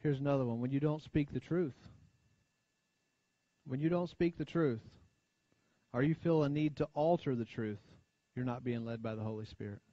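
An American man preaching a sermon, talking plainly to his congregation, asking for amens and dropping his voice low and quiet to stress key points. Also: moderate pace, pauses often, no room sound. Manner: conversational preaching, frequent call-and-response asides. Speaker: pastor. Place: church sanctuary. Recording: dull lo-fi church recording.

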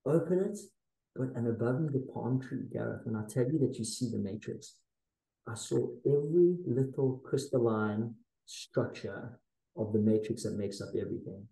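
A man's voice: medium pitch, warm tone, reverberant, poor audio. A man in his forties, a podcast guest, telling a dramatic personal story in a casual, intense way with slang. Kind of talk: storytelling in a conversational interview.

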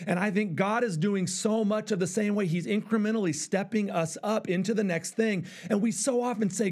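A man's voice: high voice, normal speed, hardly any pauses, a little mellow. A middle-aged male pastor preaching a sermon, telling a family story and acting out the voices in it. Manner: storytelling, acts out voices in quotes.

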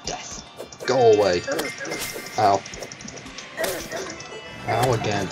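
A man narrates his game session in an animated, swooping voice, prone to sudden yelps and exclamations. He talks at an unhurried pace. Game music plays clearly behind him. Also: fairly low pitch, rough recording. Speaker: gaming channel host. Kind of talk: let's-play game commentary.

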